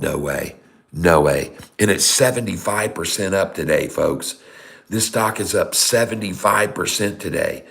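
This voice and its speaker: A middle-aged man talks through stock charts in a deep, low voice at an unhurried pace. He scolds and groans with emphatic repeated refusals, sometimes sinking to a hushed whisper in a house. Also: vocal fry. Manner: drops to a whisper at times. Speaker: day-trading channel host. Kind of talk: live stock chart commentary. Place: sister's house, indoors.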